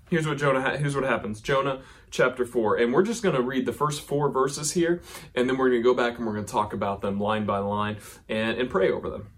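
A man's voice: mid-range voice, expressive, fairly quick, fairly bright tone. A man, a pastor, preaching a sermon to viewers at home: he reads scripture, adds casual asides and ends in prayer, talking conversationally with frequent restarts. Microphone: speaking to a camera for viewers at home.

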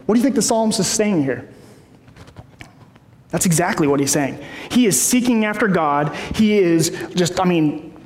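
A man's voice: high-pitched, expressive, normal speed, a little mellow, a little hiss or hum. A man in his thirties preaching a sermon in a conversational way, often checking in with the room. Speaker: pastor. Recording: echoey hall.

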